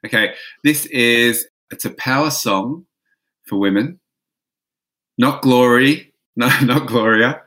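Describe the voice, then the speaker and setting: A man's voice: medium pitch, takes it slowly, pushed and bright. A man co-hosting a podcast, playful and self-mocking, laughing often as he reads out quiz clues. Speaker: podcast co-host. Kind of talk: casual quiz chat.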